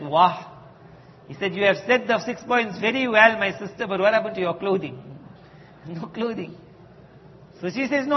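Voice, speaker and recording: A man's voice: high voice, a little hiss or hum. A man telling a story in a sermon, animatedly acting out the quoted dialogue of the people in it. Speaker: preacher. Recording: dull audio with long hall reverb.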